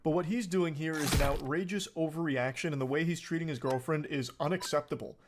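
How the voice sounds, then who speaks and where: An online commentator with a fairly high voice speaks fairly quickly, reading text messages aloud in a sarcastic, incredulous reaction and swearing freely. There's background noise in the recording.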